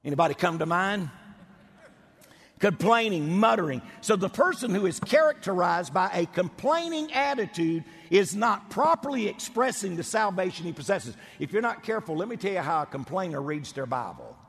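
A man's voice: sits high, very animated, moderate pace, a bit bright, husky, big-room sound. A male pastor preaching a sermon with emphasis, drawing out key words.

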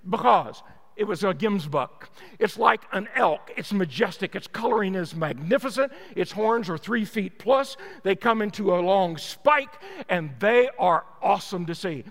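A man's voice: high-pitched, expressive, a little slow, fairly bright tone, long reverb tail. A man preaching a sermon, telling a story with emphatic energy.

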